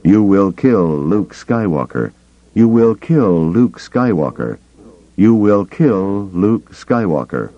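A relentless commanding voice, put on by a man reading an audiobook, drawn out and insistent. It is deep and gravelly. It comes through a dull, lo-fi cassette tape. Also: very animated, heavily acted. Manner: slow, insistent, repetitive. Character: relentless commanding inner male voice. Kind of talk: audiobook character voice.

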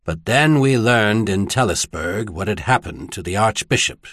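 Male narrator doing a grave middle-aged churchman, flat, controlled and intense, with a husky edge. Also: fairly low pitch, moderate pace, no room sound, studio quality.

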